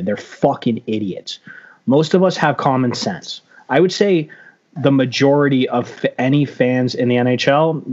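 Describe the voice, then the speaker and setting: A man co-hosting a casual sports chat, blunt and opinionated, swearing often. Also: mid-range voice. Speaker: podcast co-host. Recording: dull lo-fi audio.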